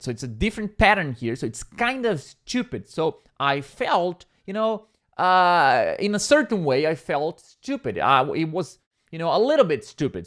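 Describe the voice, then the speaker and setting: Male English teacher, patient and repetitive, animated intonation. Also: on the high side. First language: Portuguese. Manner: patient, repeats examples slowly, checks with "okay?". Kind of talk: explaining vocabulary lesson.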